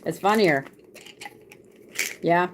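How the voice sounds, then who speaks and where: A woman's voice: on the low side, drawn-out words, heavy background noise. A woman, chatting casually on a live stream as a card reader, laughing often and swearing freely.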